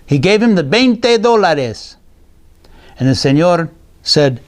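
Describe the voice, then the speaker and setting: Guy reading a bilingual kids story, slow and playful, a bit high-pitched. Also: sing-song. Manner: slow, playful, mixes in words. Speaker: storyteller and teacher for children.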